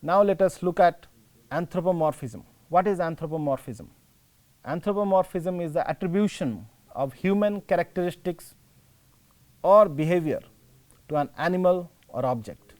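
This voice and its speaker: A man's voice: sits high, animated, darkish tone. Man with an Indian English accent lecturing. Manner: slow, explanatory, repeats and rephrases points. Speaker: teacher. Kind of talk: classroom lecture on a poem.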